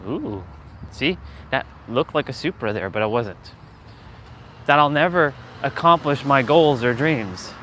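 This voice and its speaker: A man talking into a phone on a gimbal while he walks outside, his pitch swinging up and down as he chats. He laughs easily and speaks loosely to his viewers. Faint street noise stays underneath. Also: fairly bright tone. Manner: chatty, laughs often, talks to viewers and passing sights. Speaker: motivational live streamer. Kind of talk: casual live-stream talk while walking outdoors. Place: outdoors on a street.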